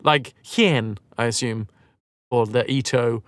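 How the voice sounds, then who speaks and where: A man's voice: mid-range voice, takes it slowly, fairly bright tone, dry recording, studio quality. A man live-streaming a game, chatting casually with viewers in a rambling, self-mocking way and swearing freely.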